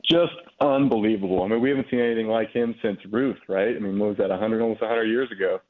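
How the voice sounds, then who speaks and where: A man's voice: lowish voice, racing. Man on a tinny phone line. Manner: relaxed storytelling, frequent fillers. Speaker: guest, former pitcher. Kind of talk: casual phone interview.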